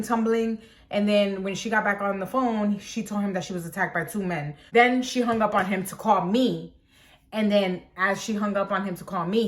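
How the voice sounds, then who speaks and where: A young woman telling a personal story to camera in a casual vlog, animated, and she acts out quoted lines with sudden jumps in pitch. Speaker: storytime vlogger.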